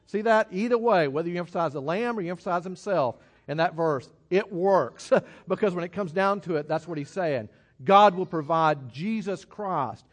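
A man's voice: high-pitched, a bit bright. A man preaching a sermon, reading scripture aloud and then explaining it in a conversational, emphatic way. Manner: conversational, emphatic, with chuckles and restarts.

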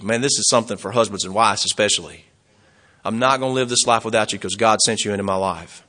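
Animated older male preacher, bright voice. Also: lowish voice, fast talker. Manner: animated, folksy, chuckles often, acts out quoted dialogue. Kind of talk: sermon.

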